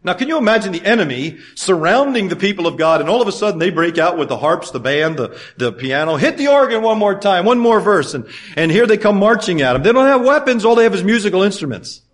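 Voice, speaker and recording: Man preaching, loud and soft by turns. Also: sits high, animated, fast, hardly any pauses. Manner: swings between loud preaching and quiet storytelling. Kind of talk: sermon.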